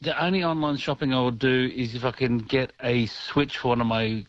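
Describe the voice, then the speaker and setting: A man's voice: mid-range voice, steady tone, moderate pace, no room sound. A man phones in to a radio show and rambles through his answer, hesitating and poking fun at himself. His voice comes through a dull, lo-fi phone line, dry and close with no room around it. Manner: rambling, hesitant, self-deprecating. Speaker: radio caller. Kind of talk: phone-in chat.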